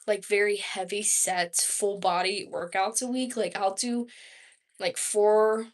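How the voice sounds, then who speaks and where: A woman's voice: medium pitch, fairly even intonation, slow pace. A young woman from Georgia in the United States, rambling casually at home on a livestream, answering viewer questions with lots of "like". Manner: rambling and chatty, heavy use of "like". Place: her home.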